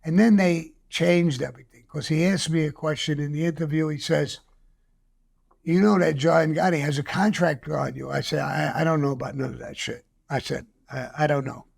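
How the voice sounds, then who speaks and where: An older man, a guest telling a story casually, profane and animated, acting out the quoted voices. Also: fairly high pitch, moderate pace, gravelly.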